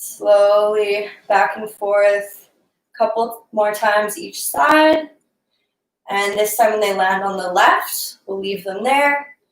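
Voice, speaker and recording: A woman's voice: medium pitch, takes it slowly, echoey room, rough recording. Woman coaching a yoga class, slightly breathless. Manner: casual, encouraging, laughs often, slightly out of breath while moving. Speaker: yoga instructor. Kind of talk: live-streamed yoga class instruction.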